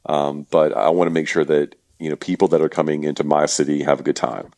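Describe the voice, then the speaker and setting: A man being interviewed as an event organizer, talking in a relaxed, joking way with lots of fillers. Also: rumbling low, brisk, dry recording, studio quality. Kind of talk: casual podcast interview.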